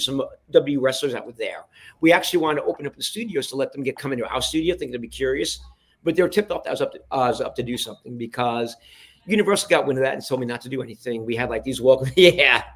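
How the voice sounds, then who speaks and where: A middle-aged man telling backstage stories in a casual interview, animated and acting out what others said, swearing when heated. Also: on the high side. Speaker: podcast guest.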